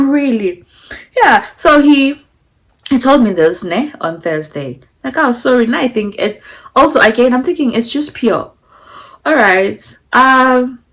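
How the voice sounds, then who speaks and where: Young south african woman, south african accent, casual storytime chat, lots of code-switching, acts out the quotes. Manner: switches between English and Zulu mid-sentence; animated, acts out quotes with pitch jumps. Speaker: vlogger.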